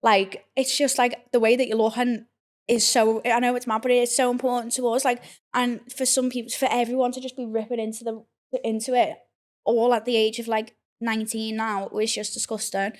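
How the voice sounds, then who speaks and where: A young woman talks candidly in a casual confessional, her voice sitting a little high but held in a flat, narrow band. She is blunt, swears freely and leans on "like" as she goes. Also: normal speed. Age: young adult. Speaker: podcast host.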